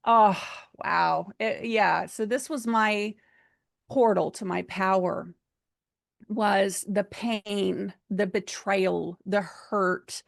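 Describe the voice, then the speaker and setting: A woman's voice: on the low side, vocal fry, no echo, studio quality. A woman giving a seminar talk, earnestly telling a personal story in a chatty way with many fillers. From United States. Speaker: seminar speaker.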